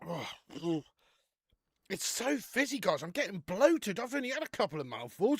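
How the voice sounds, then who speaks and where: Chatty man with a lively voice. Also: sits high, fairly quick, dry recording, clean studio sound. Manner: chatty, banters with viewers, swears casually. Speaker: live-stream beer reviewer. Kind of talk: casual live-stream chat.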